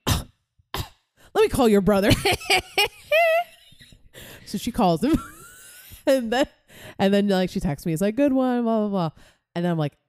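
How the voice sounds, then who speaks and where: A woman co-hosting a podcast, telling stories in an animated, casual way, swearing freely and laughing often. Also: on the low side, no room sound, clean studio sound. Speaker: podcast co-host. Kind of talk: casual chat.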